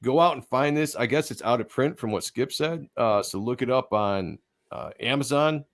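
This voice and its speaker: A man's voice: mid-range voice, moderate pace. A man hosting a casual livestream, talking enthusiastically about comic art and swearing now and then. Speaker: host.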